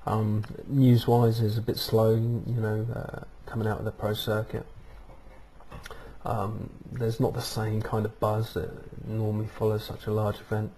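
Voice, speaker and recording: Male vlog host, low and steady monotone, rambling, casual, webcam-miked. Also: a little slow, a little hiss or hum. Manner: rambling, many ums and uhs. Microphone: webcam microphone.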